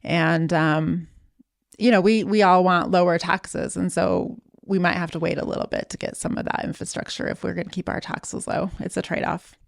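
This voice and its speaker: A woman candidate answers interview questions in a low, gravelly voice. She speaks in a measured, practical way and pauses to think aloud. The sound is dry and close, with no room echo. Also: steady tone. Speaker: political candidate, interview guest.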